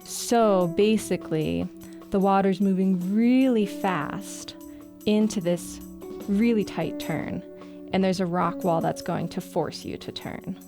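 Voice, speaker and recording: A woman writer telling a personal adventure story in a casual, animated way, laughing often and filling with "like". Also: mid-range voice, slow, music in the background. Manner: lively, breathless retelling with laughs and "like" fillers.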